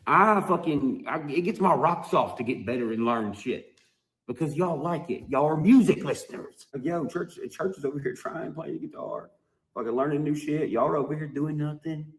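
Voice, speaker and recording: A man ranting to his video audience in a heated, profane monologue full of emphatic, drawn-out phrases. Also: mid-range voice. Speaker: musician vlogger.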